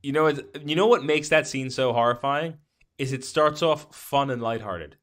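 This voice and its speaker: A man co-hosting a podcast in casual movie chat, excitable and often trailing off. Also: mid-range voice, moderate pace. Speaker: podcast co-host.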